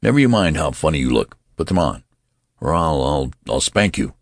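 A man's voice: very deep voice, very animated, normal speed, no room sound, studio quality, heavily acted. A man voicing a nervous, flustered middle-aged father who stammers and hurries in a story reading.

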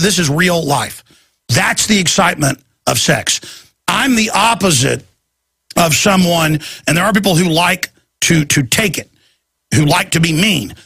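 Gravelly, raspy talk show host. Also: male voice, a little high, bright, forceful tone, no echo, clean studio sound. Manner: rambling storytelling, acting out quoted voices. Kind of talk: rambling talk-radio rant.

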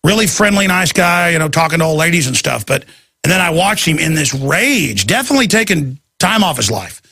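A man hosting a talk radio show, telling stories in a fired-up, emphatic rant with a gravelly, raspy voice. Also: fairly high pitch, big pitch swings, a little fast, sharp tone, no room sound. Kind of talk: ranting talk radio monologue.

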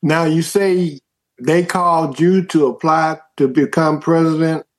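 A man interviewing a guest, asking calm, brief questions. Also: a little high, unhurried.

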